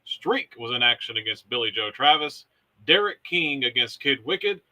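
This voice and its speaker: Guy hosting a wrestling show, really bright sharp voice, brisk announcer style. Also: medium pitch, animated, rough recording. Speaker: host. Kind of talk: scripted recap narration and casual chat.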